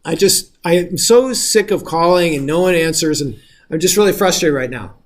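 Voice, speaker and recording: A man's voice: a little high, animated, normal speed. A man acting out a fed-up male caller complaining to a phone line in an exasperated way.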